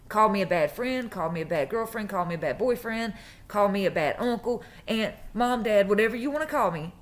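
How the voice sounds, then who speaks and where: Woman telling a personal story. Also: medium pitch. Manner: emphatic, repeats phrases for stress. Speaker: true crime vlogger. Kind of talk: casual storytelling monologue.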